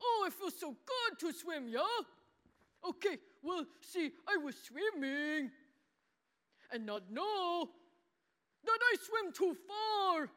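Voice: extremely high pitch, very animated, slow, pauses often, bright, forceful tone, exaggerated voice. An adult voicing a simple, earnest boy puppet who talks in broken childlike grammar and calls himself by name in a children's sermon. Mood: earnest childish. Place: church hall. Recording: long church-hall reverb.

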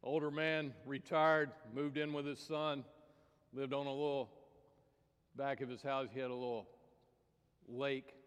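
A man's voice: medium pitch, level tone, measured pace, long pauses, clear, resonant tone. A man preaching as pastor, telling stories and jokes in a folksy manner. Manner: folksy storytelling. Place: church sanctuary. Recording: reverberant church hall.

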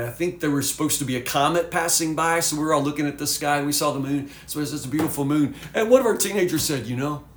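A man's voice: a little high, roomy sound. A man teaching from the Bible as a pastor, folksy and fervent, full of "you know"s.

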